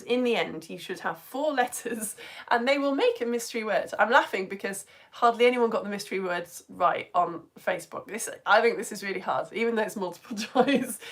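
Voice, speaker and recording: A middle-aged woman teaching an online all-ages lesson, running a quiz in a playful way that often breaks into a giggle and speaks straight to her viewers. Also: medium pitch. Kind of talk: live-streamed quiz lesson.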